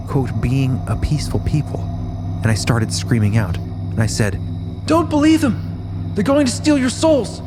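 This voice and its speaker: A man hosting a podcast, dramatically reading a first-hand witness account and getting loud at the quoted screams. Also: mid-range voice. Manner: animated storytelling, rising to shouts at quoted screams. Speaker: podcast host.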